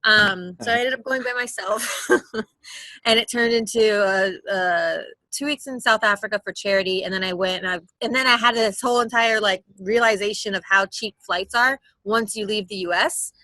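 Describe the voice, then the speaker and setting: Guest: young woman, bright voice, quick chatty storyteller, dry close sound. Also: medium pitch, dry recording, rough recording. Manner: animated, rapid, many fillers. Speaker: travel blogger guest. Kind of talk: casual interview storytelling.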